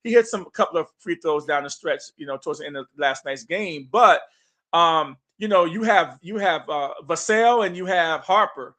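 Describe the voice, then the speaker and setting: A man with a high, bright voice co-hosts a casual basketball podcast. He talks in punchy, emphatic bursts and hypes the game up. His tone has a forceful edge. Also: expressive, normal speed. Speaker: podcast co-host. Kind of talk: casual sports talk.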